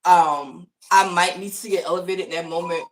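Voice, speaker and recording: A woman's voice: lowish voice, moderate pace, slight background noise. Chatty woman teacher, distant mic. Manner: animated, laughs often, repeats words. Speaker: podcast co-host. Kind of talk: casual chat.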